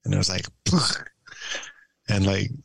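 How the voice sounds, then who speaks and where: A young man telling stories in a relaxed, rambling way as a podcast guest, full of fillers and laughs. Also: sits low, unhurried, creaky, husky, dry recording, poor audio. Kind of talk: casual storytelling chat.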